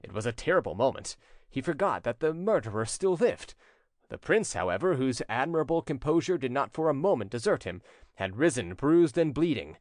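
A man narrating a classic crime story as an audiobook in a dramatic, expressive reading. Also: mid-range voice, brisk, no echo, studio quality. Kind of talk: scripted narration.

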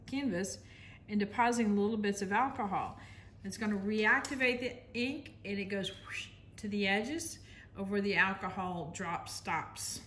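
An American woman talks her viewers through a painting technique in a relaxed, chatty way. Her voice sits in a middle range with a faint hiss behind it. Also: mid-range voice. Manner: chatty, talks while working, apologizes to viewers. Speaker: art instructor. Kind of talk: casual painting demonstration.

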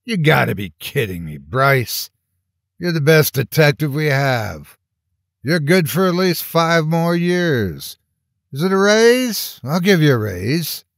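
A man voicing a gruff, blustery older police chief who talks in a pushy, bargaining way, in a horror storybook reading. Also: fairly high pitch, big pitch swings, slow, fairly bright tone, no echo, studio quality, voice pushed up, full character voice.

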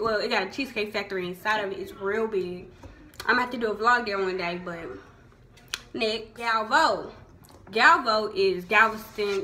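A woman's voice: medium pitch, sharp tone, slight background noise. A young woman from Houston with a Southern Houston accent, chatting casually about local slang in a vlog, laughing often and saying "like" a lot. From Houston, Texas. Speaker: vlogger.

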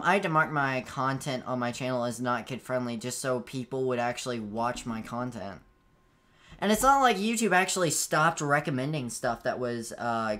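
A man's voice: mid-range voice, pushed and bright. A man streaming a game, chatting casually, stammering and repeating words, breaking into yelps and laughs when frustrated. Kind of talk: casual gameplay commentary.

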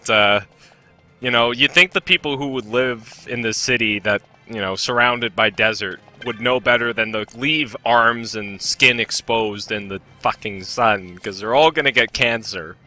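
A man's voice: mid-range voice, a little slow, sharp tone, faint music behind. A man playing a video game and commenting casually, joking and swearing freely. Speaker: let's play host and player.

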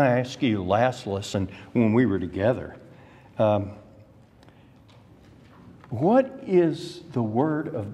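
Husky, slow male Bible teacher with reverb. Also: mid-range voice, dark tone. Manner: emphatic, rises sharply on key words; addresses the class directly with questions. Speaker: adult Sunday school teacher. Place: church classroom. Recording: long reverb of a church hall.

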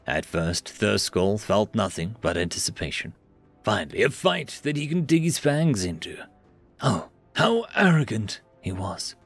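A man narrating science fiction stories in an expressive, dramatic reading style. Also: mid-range voice, no room sound. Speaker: story narrator. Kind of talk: scripted sci-fi narration.

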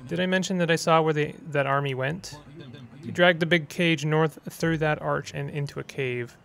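A man's voice: a little high, steady tone, moderate pace, vocal fry, a bit bright. A man voicing a charming, theatrical male sidekick locked in a cage, speaking in a wry, courtly way. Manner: wry, courtly, self-amused.

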